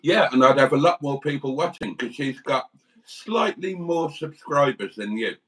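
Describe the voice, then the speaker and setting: A man's voice: medium pitch, expressive, normal speed, a bit bright, far from the mic, low-quality recording. A British man hosting a livestream, rambling through anecdotes and calling his viewers darlings. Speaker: livestream host. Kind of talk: casual livestream chat.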